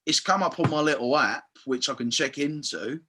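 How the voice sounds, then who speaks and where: A man, chatting casually on a podcast and telling animated football stories, swearing freely and acting out what people said. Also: medium pitch, normal speed, husky. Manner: animated storyteller, swears freely, acts out quotes. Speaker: football fan guest.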